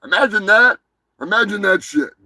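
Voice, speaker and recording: A man's voice: high-pitched, moderate pace, pushed and bright, rough recording. A man hosting a live show, rambling through profane, joking rants. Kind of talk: rambling live-stream monologue.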